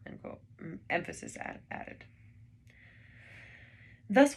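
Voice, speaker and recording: Reader: woman, low husky voice, calm measured book reading. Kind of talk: reading books aloud.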